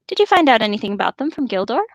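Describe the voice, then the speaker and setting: Lady doing a cheery nosy hobbit kid, high and bouncy. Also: sing-song, rapid-fire, dry recording. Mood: chirpy. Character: cheerful curious young male hobbit.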